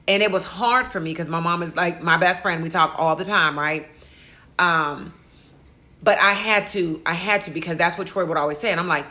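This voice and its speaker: A woman's voice: on the low side, a little fast, pushed and bright. A woman who is an insurance agent and host, talking candidly in a casual interview and telling stories with quoted asides.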